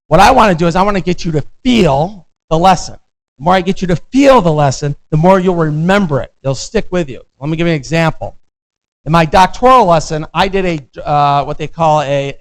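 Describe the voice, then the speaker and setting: A middle-aged American man, a visiting professor, lectures in a conversational style and keeps checking in with the class. His voice is on the high side, and the recording is rough.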